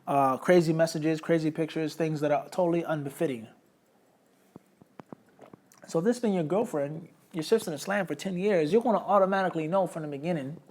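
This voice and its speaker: A man's voice: fairly high pitch, brisk, darkish tone. A man teaching a hadith studies class, explaining through everyday examples, checking in with the class and mixing Arabic terms into English. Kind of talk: Islamic studies lecture.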